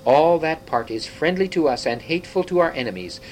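An excitable old half-dwarf scholar, as a male reader puts him on, pitched up and pushed louder. He lectures in a brisk, slightly breathless storybook manner over a faint low rumble. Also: close to an everyday voice, poor audio. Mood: explaining.

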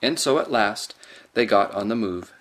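Expressive male storybook narrator. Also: fairly low pitch, normal speed. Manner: expressive, varied delivery. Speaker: audiobook narrator.

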